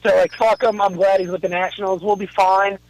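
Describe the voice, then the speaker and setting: High, gravelly, profane ranting caller. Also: male voice, little pitch movement, fairly quick, darkish tone, no echo, poor audio. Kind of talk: casual chat. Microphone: phone call.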